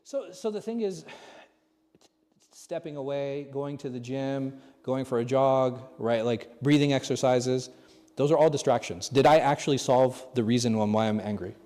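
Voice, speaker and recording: A man gives a relaxed religious lesson in a large mosque hall. His tone is mellow and warm. He keeps asking his listeners questions, and the reverb trails on after each phrase. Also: mid-range voice, normal speed. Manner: asks the audience rhetorical questions. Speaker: imam teaching a class.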